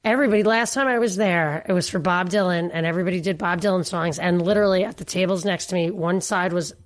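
A woman co-hosting a news talk show, hoarse and losing her voice, chatting in a rambling, chatty way while on remote. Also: on the low side, fast talker. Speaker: co-host. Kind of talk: casual news chat. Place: on remote, away from studio.

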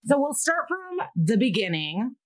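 A woman's voice: a little high, sing-song, a little slow. A woman co-hosting a podcast, asking eager, stumbling questions in a casual way. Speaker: podcast co-host.

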